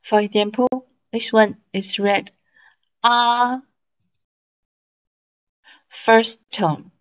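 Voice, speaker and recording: Very slow-speaking teacher woman. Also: mid-range voice, little pitch movement, muffled recording. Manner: slow, deliberate, drawn-out demonstration of sounds. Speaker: Mandarin teacher. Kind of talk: slow online language lesson.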